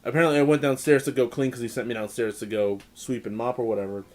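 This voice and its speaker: A man in a relaxed podcast chat, voice pitched right in the middle of the range. He tells a long, rambling work story, tripping over his words and restarting often, and he swears freely along the way. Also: quick pace. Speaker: podcast co-host. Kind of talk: casual chat.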